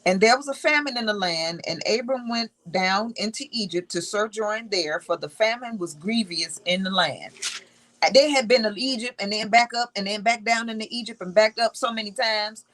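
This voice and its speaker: A woman's voice: medium pitch, normal speed, a bit bright, rough recording. A woman teaching from the Bible in a casual, emphatic way, reading verses aloud and repeating key words.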